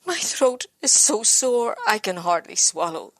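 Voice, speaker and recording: An actress playing an exhausted, abused mother who blames herself, speaking in a halting, broken inner monologue. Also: mid-range voice, animated, a bit bright, no echo. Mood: distraught. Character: exhausted, self-blaming abused mother, worn down. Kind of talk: dramatic monologue.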